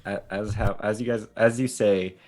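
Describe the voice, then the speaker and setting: A man playing a tabletop game, describing his character in a relaxed, halting way. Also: fairly low pitch, slight background noise. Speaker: player.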